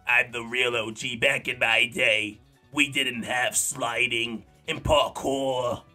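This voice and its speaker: A man voicing a bossy, cranky old grandma who scolds younger players in a slow, drawling way, on a livestream. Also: mid-range voice, fairly even intonation, pushed and bright, soft background music, pitched below the performer's own voice. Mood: boastful.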